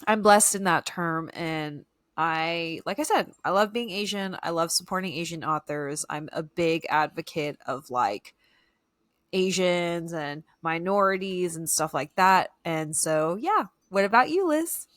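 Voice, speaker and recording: A woman's voice: fairly low pitch, expressive, unhurried, fairly bright tone, dry recording. Fields: chatty young woman, dry close sound. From United States. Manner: chatty, bubbly, lots of "like". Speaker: podcast co-host. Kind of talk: casual chat.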